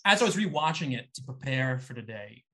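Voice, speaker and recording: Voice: mid-range voice, very animated, a little fast, sharp tone. A podcast host asking rambling, restarting questions in a casual interview.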